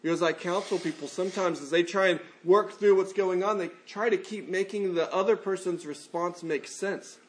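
A man's voice: high voice, normal speed, few pauses. A male pastor preaching a conversational sermon and acting out the people in his stories.

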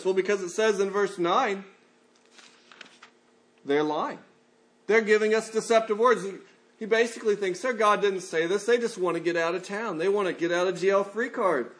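A male pastor preaching a conversational sermon and acting out the people in his stories. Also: sits high.

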